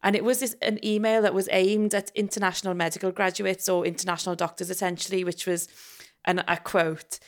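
A woman's voice: fairly low pitch, little pitch movement, fairly quick. Chatty woman podcast co-host. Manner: chatty, self-deprecating, swears casually. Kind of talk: casual podcast chat.

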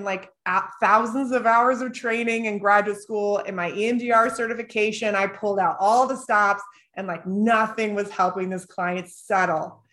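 Chatty middle-aged woman cohost, laughs a lot, lively storyteller. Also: medium pitch. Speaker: podcast co-host and business coach for therapists. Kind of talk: casual group Q&A chat.

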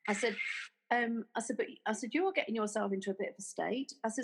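A woman tells a workplace story in a casual interview. She slips in and out of quoted dialogue to play both sides of an argument. Her delivery is halting, with frequent fillers and restarts. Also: on the high side, breathy edge, poor audio.

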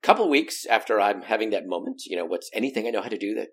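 A man's voice: on the low side, rapid-fire, husky. A middle-aged American man, a guest speaker, telling stories in a casual interview and acting out the voices of people he quotes. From United States. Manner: animated, acts out quoted voices.

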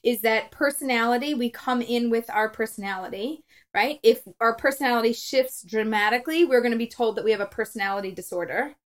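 Middle-aged lady matchmaker chatting on a podcast, high voice, laughs a lot, does little voices for quotes. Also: fairly quick. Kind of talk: casual podcast chat.

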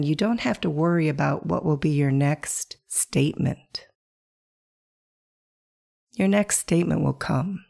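Low gravelly woman podcast host. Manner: calm, coaching, asks the listener questions. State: hoarse from a bronchial virus. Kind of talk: reflective solo podcast talk.

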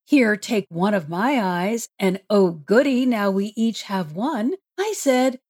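A woman voicing a playful, wise male spiritual teacher who speaks in a calm, instructive way. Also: medium pitch.

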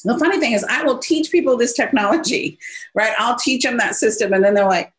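A woman on a podcast giving energetic sales advice and acting out quotes as she tells stories. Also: on the high side, a little fast, low-quality recording. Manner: energetic, animated storytelling with acted-out quotes. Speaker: business speaker and author. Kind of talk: casual podcast interview.

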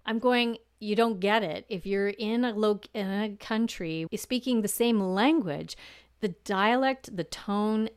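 A woman hosting a podcast in casual chat, reflective and quick to laugh. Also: mid-range voice, clear, resonant tone, dry recording, studio quality. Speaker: podcast host.

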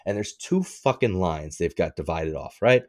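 A man co-hosting a podcast, telling a story in a casual, animated way, swearing and getting worked up. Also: moderate pace. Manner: animated storytelling, swearing, rising in pitch when riled. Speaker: podcast co-host. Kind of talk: casual chat.

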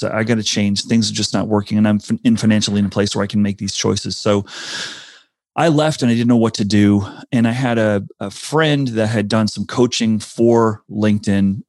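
A man's voice: lowish voice, darkish tone, no echo, studio quality. A man, likely in his forties, telling a personal career story in an earnest, reflective way, often restarting his sentences. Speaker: speaker sharing a career story.

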